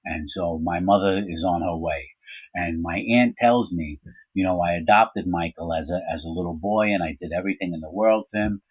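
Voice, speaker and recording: A man's voice: sits low, normal speed, husky, no echo, low-quality recording. A man telling a personal story in a casual, rambling way, full of asides and fillers.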